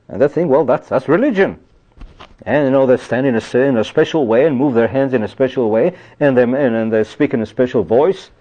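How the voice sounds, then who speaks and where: A man's voice: medium pitch, muffled recording. A man preaching a sermon, reading scripture verses and stressing his points with repeated "you see" and rhetorical questions.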